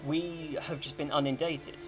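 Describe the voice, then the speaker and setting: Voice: medium pitch, fairly even intonation, moderate pace, music in the background, close to an everyday voice, low-quality recording. A game master voicing a cold, pompous male town official who justifies himself in a tabletop game. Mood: haughty. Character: stiff self-righteous male town chamberlain.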